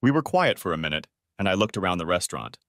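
Man narrating an audiobook, lively pitch. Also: fast talker, no room sound, studio quality. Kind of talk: first-person audiobook narration.

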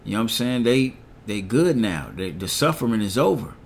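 A middle-aged man, preaching and reading scripture slowly, often asking "all right?" after each point. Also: on the low side, animated, slight background noise. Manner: reads verses slowly, asks "all right?" after nearly every point.

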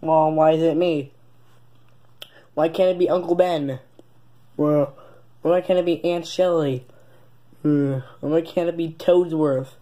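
Grumpy frog dad, voiced by a performer, homemade plush video, scolding, impatient, slow speech. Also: medium pitch, fairly even intonation, dark tone, lightly acted. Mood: grumbling. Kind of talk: amateur plush toy video acting.

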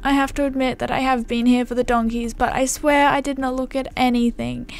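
Casting: bubbly woman gamer commentating her play, gushing, fairly high voice, desktop mic. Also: flat delivery, brisk, soft background music. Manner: bubbly, gushing, says "like" and "oh my god" a lot. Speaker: gaming YouTuber. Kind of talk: gameplay commentary. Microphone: desktop microphone.

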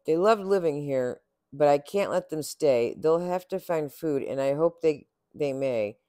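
A man's voice: on the high side, lively intonation, measured pace, warm tone, smooth, dry recording, clean studio sound. A man narrating a rhyming children's storybook aloud with a rhythmic, sing-song delivery. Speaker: storybook reader.

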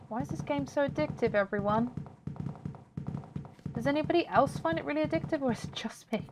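A woman's voice: sits high, brisk. A woman casually commentating a game for her viewers, chatty and laughing often. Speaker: gaming video host. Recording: faint background noise and clicks.

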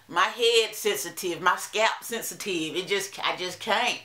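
A woman's voice: lowish voice, measured pace, pushed and bright, echoey room. A woman with a Southern US accent chatting dramatically to her viewers in a hair vlog. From Alabama. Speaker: hair vlogger. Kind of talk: casual vlog chat.

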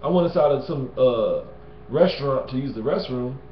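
A man's voice: mid-range voice, animated, moderate pace, a little hiss or hum. A man giving a casual Bible teaching in a slangy, conversational way, often adding "you know what I'm saying" and "man.". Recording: roomy, dull lo-fi sound.

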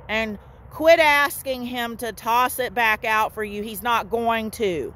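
A woman street preacher giving an informal, animated sermon straight to camera, with playful asides to her listeners. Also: fairly high pitch, slow pace.

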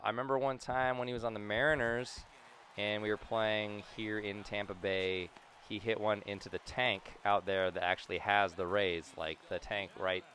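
A young man casually commentating his own video game play, rambling between topics and breaking into sudden loud cheers. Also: on the low side. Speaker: gaming YouTuber.

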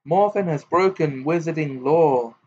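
A man's voice: on the high side, a little hiss or hum, voice pushed up, close to an everyday voice. A man voicing a stern, formal male ministry official who speaks firmly and politely, in a muffled home recording. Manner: firm, polite, measured.

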